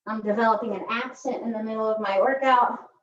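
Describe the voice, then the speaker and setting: A woman's voice: a little high, fairly even intonation, a little fast. A woman instructing a pilates workout in a chatty, joking way, often tagging her cues with "right?". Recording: echoey room, distant mic, dull sound.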